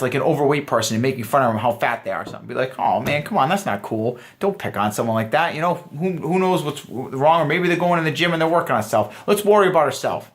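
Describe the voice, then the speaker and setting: A man giving earnest, emphatic dating advice straight to camera, talking to viewers as guys. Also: a little high. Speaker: dating coach. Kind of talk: direct-to-camera coaching talk.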